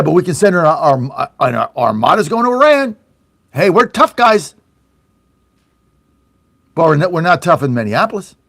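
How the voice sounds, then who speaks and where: A middle-aged male talk radio host rants in a high, lively voice that swoops up and down as he gets worked up. He is blunt and sarcastic, swears, and repeats himself for emphasis. The sound is dry and close, with no room around it. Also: no echo. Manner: angry, sarcastic, mocking voices of opponents. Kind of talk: fiery political talk radio rant.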